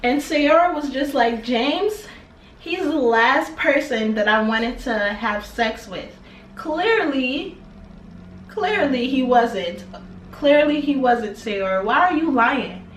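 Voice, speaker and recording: Exasperated high-voiced woman, echoey room. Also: lively intonation, unhurried, a bit bright, far from the mic, a little hiss or hum. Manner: chatty, exasperated, keeps addressing viewers as y'all. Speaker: reaction video host. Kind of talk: casual reality TV reaction commentary.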